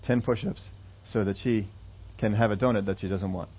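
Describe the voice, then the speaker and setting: A preacher telling an illustration story in a sermon, halting at times with fillers and restarts. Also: male voice, on the low side, fairly even intonation, husky, lo-fi sound.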